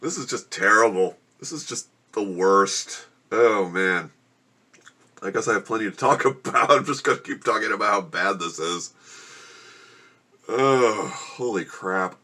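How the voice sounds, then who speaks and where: Speaking in a lowish, bright, forceful voice, a little slowly, a man films a casual vlog at home beside a gecko habitat. A very spicy meal has him groaning and complaining as he eats.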